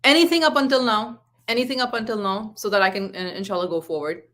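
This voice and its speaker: A woman's voice: on the high side, fast, a bit bright. Earnest woman parenting coach. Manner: earnest, storytelling with acted quotes. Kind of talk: live parenting talk.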